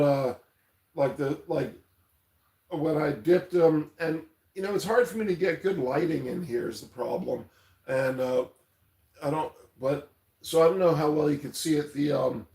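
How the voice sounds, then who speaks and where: A man's voice: a little high, a little mellow. A man hosting a casual livestream, rambling loosely, reading chat aloud and swearing casually. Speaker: livestream host. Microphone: tablet mic. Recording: echoey room.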